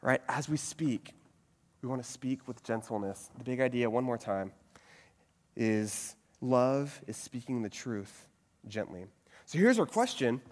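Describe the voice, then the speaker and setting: A man's voice: mid-range voice, animated, a little slow, darkish tone. A man giving a sermon-style teaching talk, asking many rhetorical questions and repeating a catchphrase. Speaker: pastor teaching a group. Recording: long reverb of a hall.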